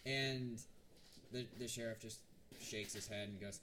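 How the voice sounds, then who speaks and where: A man's voice: on the low side, fairly even intonation, unhurried, long pauses, bright, forceful tone, slight background noise. A man narrating a tabletop game as game master, talking casually with frequent restarts. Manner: hesitant, many restarts and fillers.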